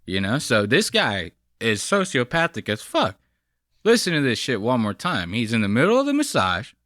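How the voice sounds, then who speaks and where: Bright-voiced man hosting a blunt podcast. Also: medium pitch, wildly swooping pitch, normal speed, no room sound, clean studio sound. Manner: blunt, slangy, mocking, calls the listener bro and buddy. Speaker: podcast host. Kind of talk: casual profane commentary on a clip.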